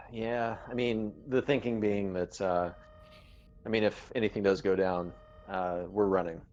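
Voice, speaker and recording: Low-voiced man thinking aloud at a game table. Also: steady tone, measured pace, pauses often, a little hiss or hum. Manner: hesitant, thinking aloud with many fillers. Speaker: player. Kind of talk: casual tabletop game talk. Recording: muffled lo-fi recording.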